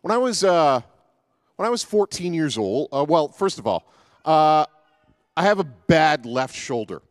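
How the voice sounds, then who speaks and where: Joking, halting man preaching a sermon. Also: a little high, very animated, no echo, clean studio sound. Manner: casual, joking, many fillers and restarts. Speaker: pastor.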